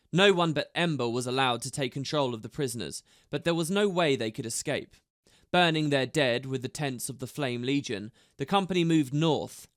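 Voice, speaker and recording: A man's voice: mid-range voice, a bit bright, dry recording, clean studio sound. Man narrating an audiobook.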